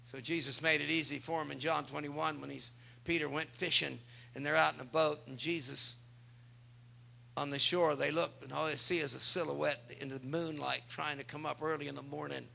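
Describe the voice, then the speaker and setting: A man's voice: fairly high pitch, little pitch movement, moderate pace, gravelly, sharp tone. A male pastor preaching a sermon, speaking with emphasis and turning often to address the congregation.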